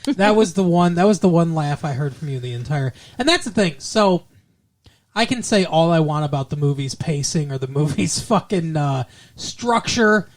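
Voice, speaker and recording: A man co-hosting a casual movie review podcast, rambling and joking, often breaking into mock impressions. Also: a little high. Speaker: podcast co-host.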